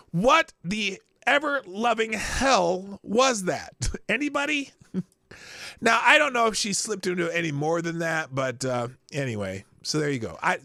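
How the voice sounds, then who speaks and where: A man's voice: a little high, sharp tone, no room sound, studio quality. A man hosting a livestream, reacting casually to clips and chat with frequent laughs. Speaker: livestream host.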